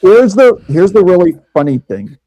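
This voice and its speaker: A man's voice: high-pitched, sing-song, normal speed, mellow, no echo, low-quality recording. A man from Missouri in a casual chat, telling rambling stories with many restarts. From Missouri, USA. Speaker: podcast host.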